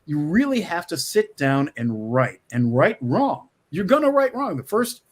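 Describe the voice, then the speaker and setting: Animated middle-aged male screenwriter storytelling. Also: fairly high pitch, unhurried, breathy edge. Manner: animated storyteller, frequent restarts, laughs often. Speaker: screenwriter, guest. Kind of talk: conversational interview. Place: his office. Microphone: video call.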